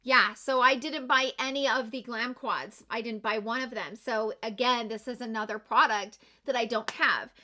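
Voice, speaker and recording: Bubbly high-voiced woman unboxing makeup. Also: fairly even intonation, moderate pace, hardly any pauses, bright, forceful tone. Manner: gushing, gasps and exclamations. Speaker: beauty vlogger. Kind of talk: excited unboxing chat.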